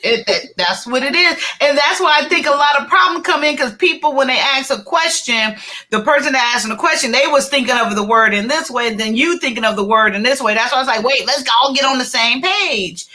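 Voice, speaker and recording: A woman hosting a casual talk show, loud and expressive, laughing often as she chats. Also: sits high, fairly quick. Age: adult. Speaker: podcast host. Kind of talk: casual chat.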